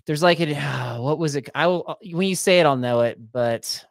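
A man co-hosting a podcast in casual chat, playful and teasing, quick to laugh. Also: a little high, vocal fry, no room sound, studio quality. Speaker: podcast co-host.

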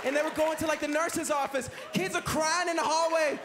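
A man's voice: very high-pitched, brisk, raised voice, crowd noise. A young American man doing a stand-up comedy set, acting out stories with big voices and screams. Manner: animated, acts out screaming kids and voices. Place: comedy club stage with live audience. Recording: live stage set with audience laughter and noise.

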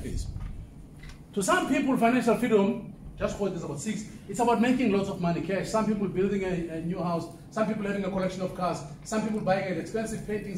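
A man from southern Africa speaks as a keynote speaker at a conference, talking in a high voice and putting questions to the audience as he goes. He is picked up from a distance, so his voice sounds roomy, with faint noise in the background. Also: a little mellow. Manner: conversational, asks the audience questions. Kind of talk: motivational business talk. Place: conference room, live audience. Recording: echoey room from off-mic.

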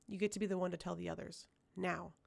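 A flat, commanding ancient witch leader, as a woman puts her on. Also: fairly low pitch, quick pace, creaky. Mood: cold. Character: cold ruthless female witch leader, ancient.

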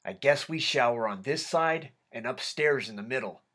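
A man voicing a low-key male cellmate. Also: lively intonation, normal speed, fairly bright tone. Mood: matter-of-fact. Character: male inmate, the narrator's cellmate.

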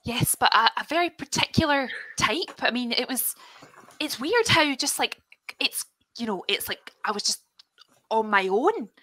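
A woman's voice: a little high, animated, unhurried, bright, forceful tone, low-quality recording. A woman improvising a comedy scene, rambling hesitantly with lots of fillers. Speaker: improv performer.

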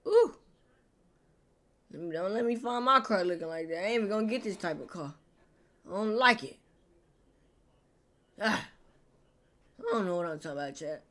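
A woman hosting a reaction video, teasing and roasting the people on screen in slangy casual banter, drawing words out and repeating them for emphasis. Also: medium pitch. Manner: drawn-out, repetitive emphasis.

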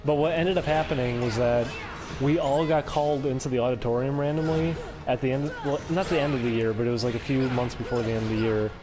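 A man's voice: mid-range voice, steady tone, fast talker. Laughing young man in casual game chat. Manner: laughs often, mocking quoted voices. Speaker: let's play co-commentator. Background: game music.

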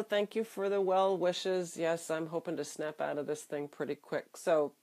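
A woman with a cold, her voice nasal and congested, hosting a motivational video and talking to the viewer in a soft, encouraging way with pauses. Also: fairly low pitch. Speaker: host of a self-help video show. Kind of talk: gentle motivational talk to camera.

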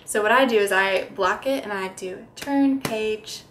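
A woman's voice: medium pitch, moderate pace, fairly bright tone, slight background noise. A young woman speech therapist explaining how to read picture books with toddlers, slipping into sing-song, exaggerated sounds for children. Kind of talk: instructional demonstration.

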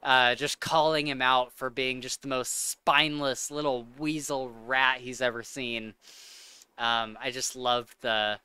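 A man's voice: medium pitch, fairly even intonation, measured pace, sharp tone, clear, resonant tone, no room sound. A man hosting a podcast, chatting casually and gushing with enthusiasm, full of likes and ums. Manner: enthusiastic, gushing, filler-heavy. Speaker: podcast host. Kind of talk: casual chat.

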